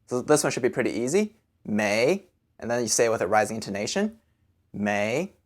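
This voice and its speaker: A man leads a language lesson at a measured, friendly pace. He breaks words into their sounds, stretches out each syllable and says it again for the listener to copy. His pitch sits in an ordinary middle range, neither high nor low. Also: sing-song. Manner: patient, sounds out syllables slowly and repeats them. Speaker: language teacher.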